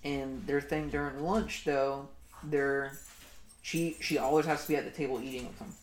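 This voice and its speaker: A man's voice: medium pitch, steady tone, normal speed. A young man co-hosting a podcast, telling a story in a rambling, profane way with lots of fillers. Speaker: podcast co-host. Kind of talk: casual storytelling chat. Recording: echoey room, faint noise.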